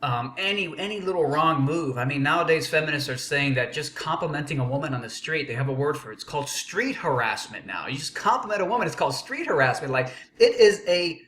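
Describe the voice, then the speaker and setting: A man's voice: on the high side, animated, fast, few pauses, bright, forceful tone, reverberant. A man hosting a casual interview who speaks fluently, bluntly and emphatically. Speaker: interview host.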